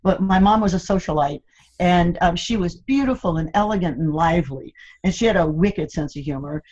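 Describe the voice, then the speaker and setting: An older woman, a guest in a candid interview, who tells stories with animated, teasing humor and laughs often. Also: lowish voice, brisk, dull audio. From United States, Cuban American family.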